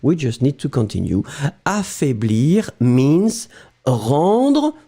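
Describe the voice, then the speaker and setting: A man's voice: medium pitch, sing-song, takes it slowly, mellow. A man with a French accent teaching a live online language lesson, explaining patiently and greeting viewers by name.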